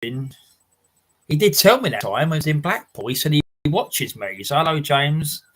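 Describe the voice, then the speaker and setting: This livestream host has a fairly high, husky voice that swings widely in pitch, and he takes his time. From his house he chats casually and ramblingly, reading viewer comments, laughing a lot and cursing occasionally. The recording is low quality.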